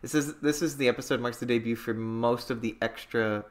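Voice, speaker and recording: A man's voice: mid-range voice, fairly even intonation, fairly quick. A young man from California co-hosting a podcast, easygoing and agreeable, laughing often in casual chat. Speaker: podcast co-host.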